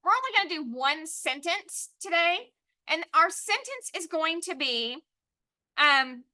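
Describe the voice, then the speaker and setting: Woman teacher running an online spelling class, high and bright, slow and deliberate dictation. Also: big pitch swings. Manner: slow, drawn-out dictation of syllables and letters.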